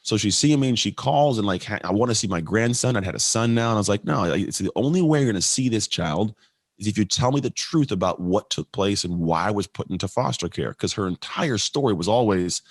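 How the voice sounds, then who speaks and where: Deep-voiced man telling his story. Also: brisk, dry recording, clean studio sound. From California. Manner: animated, acts out quoted voices. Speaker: podcast guest. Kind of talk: storytelling in an interview.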